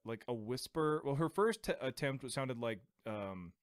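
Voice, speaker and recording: A man's voice: medium pitch, animated, measured pace, clear, resonant tone, no room sound, clean studio sound. A young adult man co-hosting a podcast in casual chat, rambling and laughing as he tells a story. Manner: rambling, laughs often, tries out silly accents. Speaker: podcast co-host.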